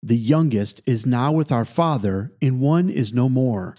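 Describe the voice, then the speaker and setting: A pastor reads scripture aloud in an even, measured manner and lifts his voice a little for the quoted speech. He is a man with a mellow, darker tone and a pitch in the middle for his sex. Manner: measured, plain reading with light expression in quoted speech. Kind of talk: scripture reading.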